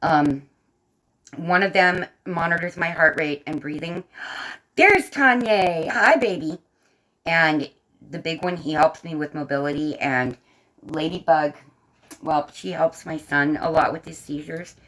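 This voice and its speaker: A woman's voice: low voice, fairly even intonation, a little slow, fairly bright tone, low-quality recording. A woman hosting a casual livestream from home, chatting to her viewers and her dogs. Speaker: livestream host. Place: home room. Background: dogs barking.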